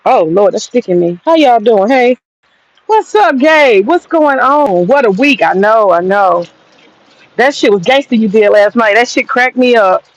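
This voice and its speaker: A woman's voice: mid-range voice, moderate pace, a little hiss or hum, low-quality recording. A woman hosting a casual livestream from her home garden, chatty and profane and laughing often. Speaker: livestream host.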